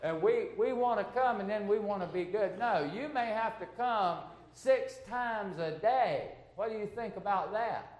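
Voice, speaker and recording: An older man preaching a sermon to a congregation, earnest and unhurried, working through numbered points and asking the listeners questions. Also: high-pitched, darkish tone, echoey room.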